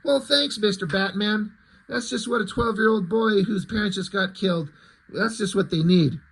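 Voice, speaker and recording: A man's voice: sits high, normal speed, fairly bright tone, poor audio. A man reviewing a comic book in casual commentary, sarcastic and profane, with frequent asides.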